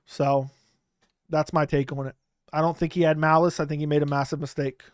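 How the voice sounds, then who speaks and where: A man hosts a live stream from home into a close studio mic, and his smooth, crisp voice sits slightly high for a man. He talks bluntly in loose slang, often trailing off mid-thought, with a dry, close sound and no room around it. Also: little pitch movement, fairly quick, no echo. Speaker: livestream host. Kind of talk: casual live-stream chat reading viewer comments. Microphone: studio microphone close up.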